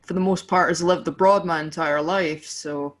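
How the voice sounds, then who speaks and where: A woman's voice: on the low side, fairly even intonation, normal speed. A woman with a Scottish accent co-hosting a podcast, chatting casually with lots of fillers and self-deprecating laughs. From Scotland. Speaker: podcast co-host. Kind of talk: casual chat.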